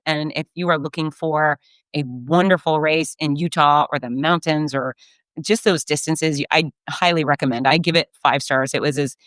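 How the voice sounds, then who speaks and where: A woman race announcer and podcast host telling a story in a casual, animated way, often laughing. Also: low-pitched, dry recording.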